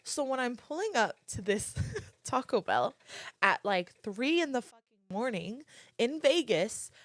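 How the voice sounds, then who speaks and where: A woman's voice: a little high, big pitch swings, unhurried, no echo. A young woman hosting a podcast, telling a story in casual chat, drawling and stretching her words so they sound a bit slurred, swearing freely and talking to listeners. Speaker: podcast host.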